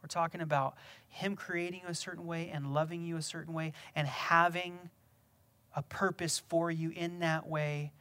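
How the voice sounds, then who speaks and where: A man preaching a sermon, building from quiet reflection to loud, emphatic exhortation with rhetorical questions. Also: fairly high pitch, flat delivery, normal speed. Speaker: pastor.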